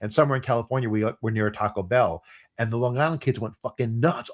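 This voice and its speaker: A man in his fifties from New York City, co-hosting a podcast chat, telling rambling, animated stories and acting out the voices. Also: mid-range voice, fast talker. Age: 50s. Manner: animated, rambling storyteller who acts out voices. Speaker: podcast co-host. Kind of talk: casual chat.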